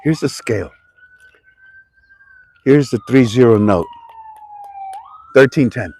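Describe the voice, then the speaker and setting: A man from Ohio, talking to camera about currency in a rambling, animated way and sometimes shouting for emphasis. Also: mid-range voice, slow pace, vocal fry, husky. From Toledo, Ohio. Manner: animated, shouts for emphasis, talks to himself in two voices. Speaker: currency commentary vlogger. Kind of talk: casual rambling talk to camera.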